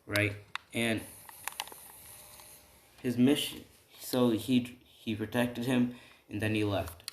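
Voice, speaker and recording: Low-voiced man rambling through a story. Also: slight background noise. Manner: rambling, with restarts and tag questions. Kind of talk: improvised fan-story narration. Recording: echoey room, faint typing.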